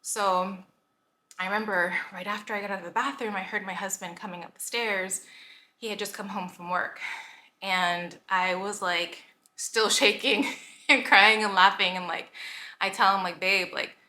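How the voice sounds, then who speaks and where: A woman's voice: mid-range voice, fairly even intonation, normal speed, sharp tone. A woman in her thirties, chatting casually in a pregnancy vlog, emotional and a bit out of breath, with many filler "like"s. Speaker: health coach and vlogger. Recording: echoey room with faint noise.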